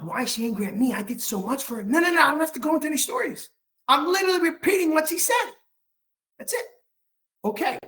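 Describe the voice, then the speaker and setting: Emphatic male coach with a lively pitch. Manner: emphatic and repetitive, talks straight to the men; acts out short dialogue scripts. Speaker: relationship coach. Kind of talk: workshop teaching.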